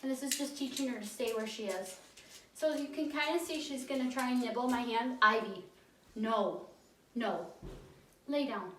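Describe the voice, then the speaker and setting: A woman dog trainer explaining a puppy training session step by step, switching between calm explanation and low, firm commands. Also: a little fast, far from the mic, a little hiss or hum. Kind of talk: instructional demonstration. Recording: roomy sound from away from the mic.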